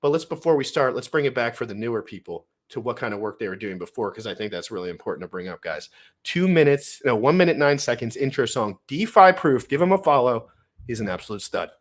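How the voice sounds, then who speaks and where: A man's voice: fairly low pitch, animated, quick pace. A young adult man hosting a casual livestream, talking in a hyped, slangy, rambling way and greeting viewers by name. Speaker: livestream host. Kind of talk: casual livestream chat reading out viewer names.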